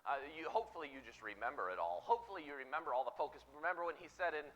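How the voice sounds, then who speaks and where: Bright-voiced, animated man preaching. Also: a little high, racing, big-room sound, dull audio. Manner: casual, animated preaching with frequent "right?". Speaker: pastor. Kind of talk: sermon.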